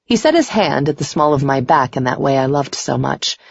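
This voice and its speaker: A woman narrating a first-person romance audiobook in a steady, unhurried reading voice. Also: rumbling low, vocal fry, no room sound. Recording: dry, dull muffled recording.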